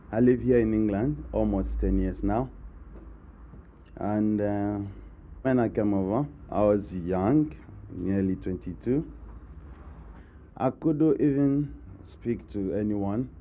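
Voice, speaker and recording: A man in his thirties with a Congolese accent, telling his own story slowly and haltingly, with many pauses. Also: lowish voice. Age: 30s. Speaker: interviewee. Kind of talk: personal account. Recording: tinny phone-like line, faint noise.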